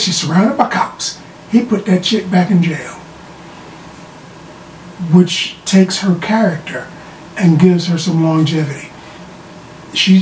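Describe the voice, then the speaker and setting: A TV show reviewer giving a casual, animated episode recap, often repeating words as they restart sentences. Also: mid-range voice. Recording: roomy sound from a distant mic with faint background noise.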